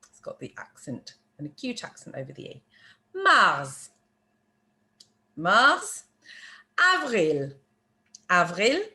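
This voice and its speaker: A woman teaching a language lesson, slowly modelling words for learners to repeat and explaining spelling. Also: mid-range voice, bright, forceful tone. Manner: slow, careful teacher modelling words for repetition. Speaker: French teacher. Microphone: screen-share narration.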